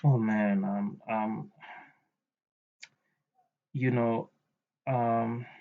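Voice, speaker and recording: Indignant male commentator, halting and filler-heavy, mid pitch, muffled lo-fi sound. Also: fairly even intonation. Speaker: reaction commentator. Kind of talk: ranting reaction commentary. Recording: dull lo-fi recording.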